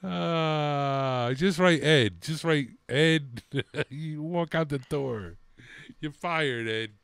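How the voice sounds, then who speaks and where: Gruff, exasperated man, dry sound. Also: fairly high pitch, drawn-out words, a bit bright, no echo. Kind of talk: improvised comedy bit.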